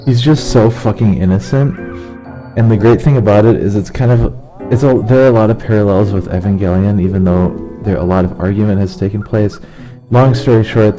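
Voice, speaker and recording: A man's voice: fairly low pitch, poor audio. A young man streaming a game, chatting casually and rambling with a lot of swearing. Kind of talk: casual chat while gaming.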